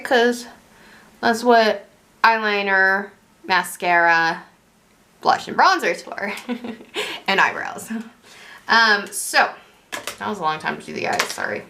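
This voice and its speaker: A woman's voice: fairly high pitch, lively intonation, a little slow, pauses often, sharp tone, a little hiss or hum. A young woman chatting casually through a makeup tutorial, rambling and correcting herself as she goes. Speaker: beauty vlogger.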